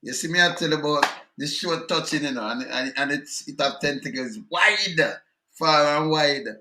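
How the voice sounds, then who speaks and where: A man's voice: a little high, normal speed, reverberant, background noise. A man with a Jamaican accent hosting a call-in talk show, easygoing and affirming. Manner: easygoing, affirming, patois-laced. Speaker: host.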